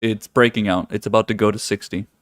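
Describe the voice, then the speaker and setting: A man's voice: lowish voice, fairly even intonation, fast, dry recording, studio quality. A man hosting a live trading stream from his home office, chatting casually with viewers, swearing freely, laughing often and teasing the chat.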